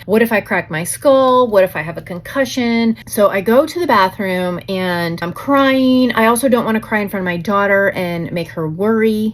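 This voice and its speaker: A woman in her forties tells a story to her camera while she gets ready at home. She talks in a chatty, animated way and acts out her own thoughts along the way. Her voice sits at a mid pitch. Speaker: beauty vlogger. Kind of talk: casual storytime while doing makeup.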